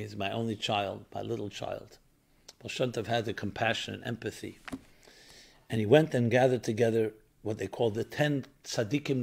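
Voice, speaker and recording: A man's voice: mid-range voice, creaky. A man, a rabbi, giving a spiritual talk and animatedly telling teaching stories. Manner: animated storyteller, acts out quotes.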